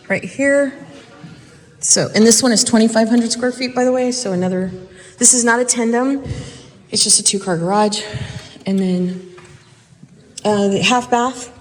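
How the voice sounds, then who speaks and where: A woman casually narrating a house walk-through indoors, thinking aloud and hedging her guesses as she goes. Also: medium pitch. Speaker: vlogger giving a house tour.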